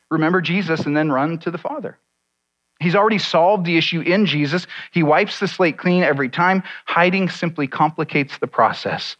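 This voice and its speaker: Man, pastor, conversational sermon, friendly asides, slightly high voice, muffled lo-fi recording. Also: a bit bright. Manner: conversational, self-deprecating preaching with asides to the congregation.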